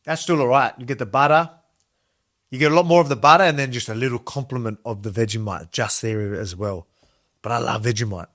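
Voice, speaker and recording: A man's voice: medium pitch, fairly quick, fairly bright tone. A man in his thirties with an Australian accent, chatting casually through a kitchen cooking demo in a rambling, enthusiastic way. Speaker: cooking video host.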